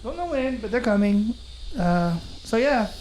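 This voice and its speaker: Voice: mid-range voice, animated, measured pace, darkish tone. Podcast host rambling on, jokey and sweary, middle voice, faint noise behind. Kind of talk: casual chat.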